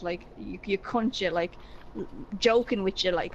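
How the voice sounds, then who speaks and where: A woman's voice: mid-range voice, normal speed, a little hiss or hum, rough recording. A woman from Ireland with an Irish accent, chatting casually as a guest and filling her talk with "like". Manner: chatty, many "like" fillers. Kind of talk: casual chat.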